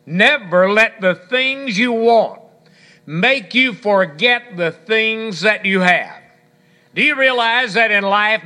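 A man's voice: high-pitched, sharp tone. A man preaching a sermon on gratitude, folksy and storytelling, with scripture and a bit of humor. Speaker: pastor.

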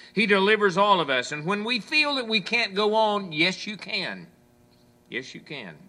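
A man preaching a sermon, quoting scripture and acting out people's complaints, swinging between loud proclamations and hushed asides. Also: sits high. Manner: preaching, quotes scripture, voices the complaints of listeners.

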